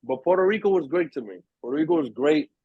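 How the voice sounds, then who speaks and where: A man's voice: fairly high pitch, fast, breathy edge, no echo, lo-fi sound. A young man telling a story in casual chat with friends, acting out the other people's lines. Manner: animated storyteller, acts out voices in quotes. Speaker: podcast host.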